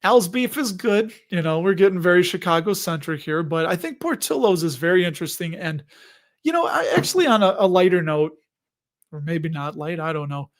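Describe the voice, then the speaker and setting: A man's voice: high-pitched, animated, brisk. A man in his forties hosting a casual livestream, chatting and joking while answering viewer questions. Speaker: host of investing livestream.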